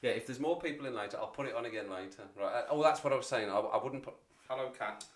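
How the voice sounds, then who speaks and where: A man's voice: mid-range voice, quick pace. A man in his forties hosting a casual livestream chat, rambling and self-deprecating as he talks to viewers. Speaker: livestream host.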